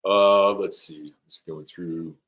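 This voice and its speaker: A man's voice: low-pitched, steady tone, takes it slowly, fairly bright tone, low-quality recording. A middle-aged man hosting an astrology live stream, chatting playfully and rambling as he reads viewer comments aloud. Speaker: astrologer host.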